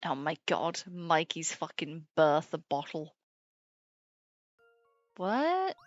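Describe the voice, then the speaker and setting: A young British woman chatting casually through a game stream, her voice on the low side and her swearing frequent and offhand. The sound is a bit muffled, with faint game music playing underneath. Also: sing-song, takes it slowly, no echo. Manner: chatty, swears freely, laughs with chat.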